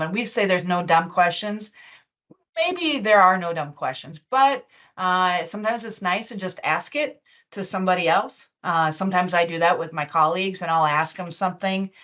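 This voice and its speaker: A woman presenting a live software demo in a casual, chatty way, with many fillers and restarts. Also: on the low side. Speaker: webinar presenter and user group organizer. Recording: dull lo-fi online meeting audio.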